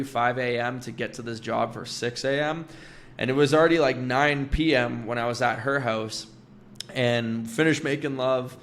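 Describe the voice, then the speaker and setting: A young man in his twenties telling a painful personal story, blunt and candid, swearing often and filling pauses with "like". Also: medium pitch, fairly bright tone.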